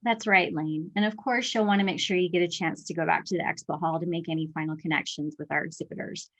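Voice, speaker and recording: A woman's voice: on the low side, steady tone, fast, a bit bright. A woman leading an industry council, making friendly, enthusiastic event announcements.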